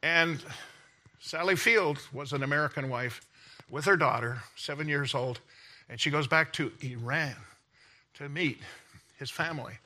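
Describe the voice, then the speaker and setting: A man with a very bright, sharp, slightly high voice lectures a class in a loose, conversational way. He rambles between points and keeps tagging them with "okay?" and "right?" to check on his listeners. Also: measured pace, long pauses.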